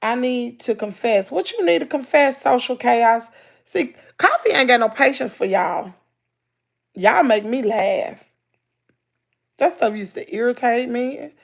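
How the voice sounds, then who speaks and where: Country mississippi lady chatting on a livestream, high voice with lots of gravelly fry, animated and laughing a lot. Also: unhurried. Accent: Mississippi Southern. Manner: animated storytelling, loud laughter, country slang. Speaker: livestream host. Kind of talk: casual livestream chat reading comments.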